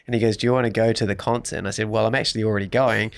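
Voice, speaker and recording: A man's voice: lowish voice, racing, gravelly, clean tone. A man co-hosting a podcast, telling a long anecdote in casual chat and acting out the lines of the people in it. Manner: lively storyteller acting out quoted dialogue. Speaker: podcast co-host.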